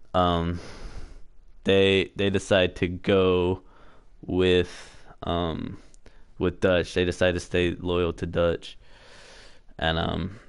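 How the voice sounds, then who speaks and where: A man's voice: low-pitched, clear, resonant tone, no room sound, studio quality. A man giving casual gameplay commentary, rambling through a story recap with fillers, self-corrections and offhand swearing. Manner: profane, offhand. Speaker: gameplay streamer.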